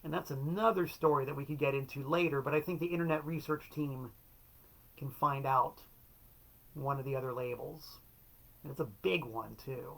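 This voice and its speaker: A man's voice: medium pitch, fairly even intonation, moderate pace, gravelly, fairly bright tone. A middle-aged man hosting a casual solo show, telling stories in an enthusiastic, wry way with playful quotes. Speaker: show host and record collector.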